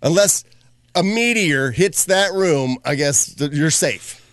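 A man's voice: fairly high pitch, slow pace, no echo. A man co-hosting a show, trading jokes and telling funny stories in casual banter. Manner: joking, animated storyteller. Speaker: radio show co-host.

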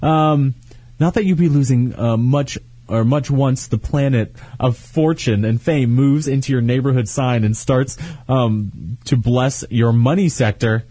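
A man's voice: medium pitch, measured pace, dark tone, husky, no echo. A man co-hosting a casual chat show, reading horoscopes aloud with jokes and laughs. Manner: joking, laughs often, stumbles while reading. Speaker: podcast host.

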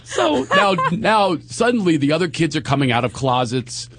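A middle-aged man hosting a radio talk show, telling a story in a casual, animated way and laughing as he acts out what people said. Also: on the high side, normal speed, very noisy.

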